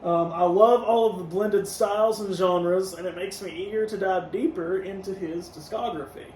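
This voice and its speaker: A man's voice: high-pitched, normal speed, distant mic. A man co-hosting a casual podcast, reviewing an album track by track and giving scores out of ten. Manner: relaxed, gives scores out of ten, laughs easily. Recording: echoey room, mic set back, faint noise.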